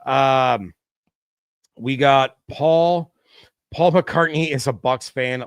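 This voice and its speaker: A man's voice: medium pitch, extremely slow, pauses often, smooth, no room sound. A middle-aged man hosting a casual live sports show, chatting loosely and reading viewer comments aloud with many fillers. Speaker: podcast host.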